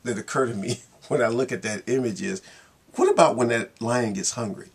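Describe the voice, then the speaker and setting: A man's voice: medium pitch, fairly quick, slight background noise. A man giving a casual, rambling monologue in his vlog, wry and laughing at himself. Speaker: vlogger.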